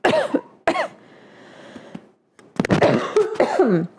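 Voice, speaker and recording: A woman's voice: very high voice, wildly swooping pitch, drawn-out words, a little mellow, a little hiss or hum. A woman hosting a home cooking show in casual chat. She swears freely, keeps breaking into coughing fits, and baby-talks to her dog in her kitchen.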